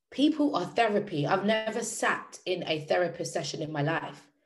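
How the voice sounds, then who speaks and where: Emphatic woman coach in an echoey room. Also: lowish voice. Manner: animated, emphatic, with rhetorical questions. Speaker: life coach. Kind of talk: motivational talk to a live audience.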